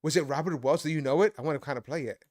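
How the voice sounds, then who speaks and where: A man's voice: on the high side, very fast, a little mellow, no echo, clean studio sound. A man from Brooklyn, co-hosting a live stream, emphatic and repeating himself. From Brooklyn, New York. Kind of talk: casual political chat.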